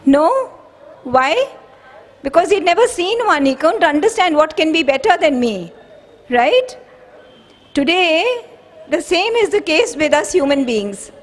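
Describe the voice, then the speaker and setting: A woman with an Indian English accent addressing students at a school event, telling a story slowly and dramatically and asking the children questions. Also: high voice, very animated. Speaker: school vice-chairperson.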